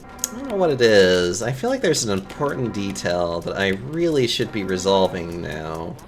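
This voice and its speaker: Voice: deep voice, very animated, normal speed, faint music behind. A game streamer chatting casually while playing, swearing freely and laughing often. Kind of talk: casual live-stream chat.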